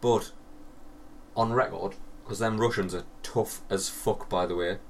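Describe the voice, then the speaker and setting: Low-voiced man in casual banter. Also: fairly even intonation, unhurried, distant mic, a little hiss or hum. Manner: swears freely, riffs with jokey asides. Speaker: podcast co-host. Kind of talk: casual chat.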